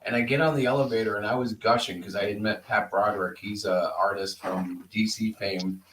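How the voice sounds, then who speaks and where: A man telling excitable, laughing stories in a casual video call chat. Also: on the low side, brisk, breathy edge, rough recording.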